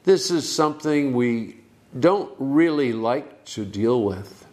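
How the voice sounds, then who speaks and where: Male preacher, measured sermon, unhurried pace with long pauses and strong emphasis. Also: medium pitch, expressive, darkish tone. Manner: slow, deliberate delivery with dramatic pauses and emphasis.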